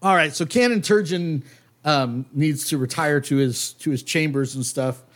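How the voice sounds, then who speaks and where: Relaxed game master man, hesitant. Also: fairly high pitch, normal speed. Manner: relaxed, hesitant, many fillers. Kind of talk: narrating a tabletop game.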